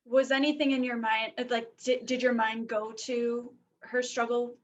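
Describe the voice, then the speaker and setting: A woman interviewing a guest, asking gentle, sympathetic questions. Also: a little high, flat delivery, moderate pace, muffled recording.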